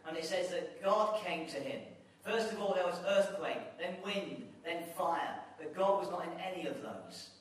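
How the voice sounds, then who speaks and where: A man delivers a sermon with impassioned repetition and restarts. His voice sits high. He is heard from a distance in a strongly echoing hall. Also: lively intonation, moderate pace. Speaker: visiting preacher. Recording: echoey hall, distant mic.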